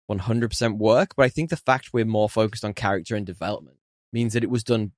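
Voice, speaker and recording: Laughing podcast co-host in casual chat. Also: male voice, lowish voice, fast, dry recording, studio quality. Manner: laughs often, animated voices when joking. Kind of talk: casual film review chat.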